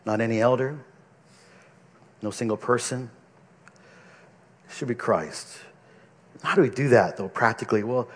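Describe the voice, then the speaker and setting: A man's voice: a little high, a little mellow, long reverb tail. A male pastor preaching a sermon from the pulpit, earnest and conversational, often restarting his sentences. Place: church pulpit.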